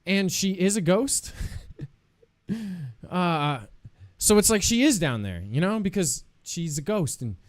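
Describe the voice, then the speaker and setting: A man's voice: sits high, very animated, slow, pauses often, no echo, clean studio sound. Playful, swearing male streamer. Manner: playful, joking, laughs a lot, swears. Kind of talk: casual live-stream chat.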